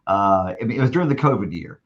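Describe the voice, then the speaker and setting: A stadium announcer appearing as a podcast guest tells a long, rambling anecdote, restarting often and acting out what other people said. His lowish voice is fast with lively intonation, and the audio sounds dull.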